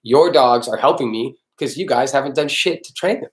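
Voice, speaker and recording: A man's voice: mid-range voice, moderate pace. Blunt, cussing male dog trainer. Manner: blunt, swears freely, answers viewers by name. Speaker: dog trainer hosting a live Q&A. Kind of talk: casual live-stream Q&A.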